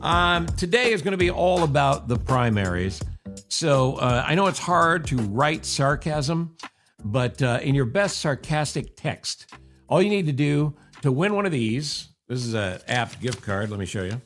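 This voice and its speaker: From his home office, an older upstate New Yorker hosts his podcast in a loose, wry monologue laced with sarcasm. He has an expressive, fairly bright mid-range voice at a measured pace, and faint music plays behind him.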